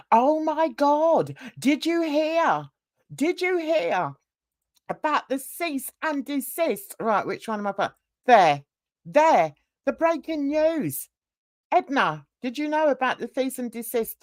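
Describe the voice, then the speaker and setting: A woman's voice: high-pitched, sing-song, slow, no room sound, clean studio sound. A woman hosting a casual livestream chat, rambling and gossipy as she greets viewers in the chat by name. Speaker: livestream host.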